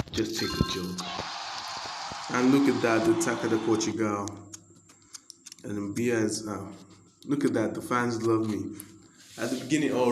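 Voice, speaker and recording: Nigerian guy rambling over a football game, lowish voice, roomy echo. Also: background noise. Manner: chatty, rambling, quick to get excited. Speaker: gaming video creator. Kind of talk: casual gameplay commentary.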